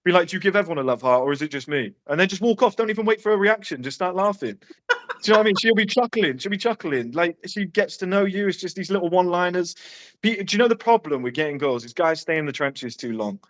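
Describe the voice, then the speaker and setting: A man's voice: high voice, expressive, a bit bright. A man giving brash, profane dating advice in casual podcast chat. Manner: brash, swearing, quick one-liners.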